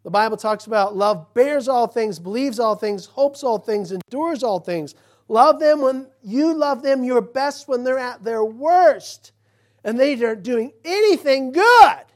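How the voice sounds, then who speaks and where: A male pastor preaching a sermon in church, talking conversationally and swinging from loud emphasis to hushed, quiet passages. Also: extremely high pitch, animated, unhurried.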